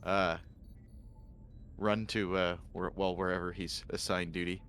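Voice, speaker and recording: Deep-voiced man playing a tabletop game. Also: flat delivery, a little slow, a bit bright, slight background noise. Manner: hesitant, many fillers. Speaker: player. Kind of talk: casual tabletop play.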